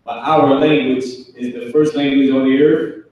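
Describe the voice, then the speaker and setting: A man's voice: medium pitch, fairly even intonation, measured pace, darkish tone, dull audio. A man teaching a live online class in an emphatic, repetitive way, stretching out his example phrases. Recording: echoey room, far from mic.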